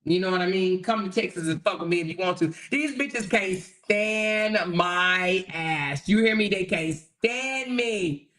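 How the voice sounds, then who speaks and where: A woman's voice: on the low side, measured pace, hardly any pauses, a bit bright. A brash woman rants on her own livestream, combative and swearing freely. She talks straight to her viewers and keeps checking in with them as she goes. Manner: addresses viewers directly with repeated "okay?". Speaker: livestream host. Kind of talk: profane live-stream rant.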